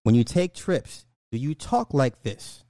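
A man's voice: medium pitch, sing-song, measured pace, mellow, no room sound. Guy going off on a rant, cussing, says stuff twice, dry close sound. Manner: blunt, profane, repeats lines for emphasis. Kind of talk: casual commentary rant.

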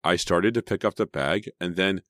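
A man voicing a frantic, desperate teenage girl in an audiobook, with a high, strained and pleading tone. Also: normal speed, a bit bright, no echo, clean studio sound.

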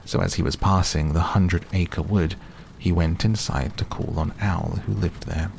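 A man reading a children's classic as a calm bedtime audiobook, slow and soothing. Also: sits low, creaky, slight background noise. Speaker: narrator.

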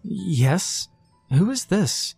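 A man's voice: high-pitched, very animated, drawn-out words, creaky, darkish tone, breathy edge, soft background music, pitched above the performer's own voice, heavily acted. A man voicing a frightened, grieving mother who talks in a trembling, shaky voice, holding back tears. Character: frightened grieving mother, middle-aged woman.

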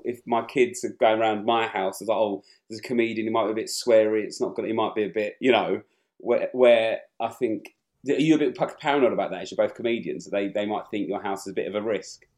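A woman's voice: very deep voice, brisk, a little mellow. A woman hosting a podcast, asking teasing questions in casual chat.

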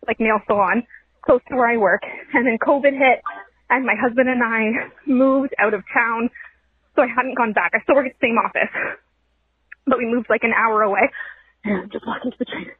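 A woman leaving a voicemail, telling a story in a loud, chatty way and laughing as she goes. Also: fairly high pitch, normal speed, slightly rough, no echo. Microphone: phone. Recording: tinny phone voicemail.

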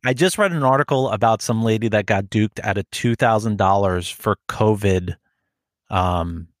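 Animated storytelling man, dry close mic. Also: lowish voice, moderate pace, no echo. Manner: animated storyteller, acts out phone calls, swears. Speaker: podcast co-host. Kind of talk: casual chat.

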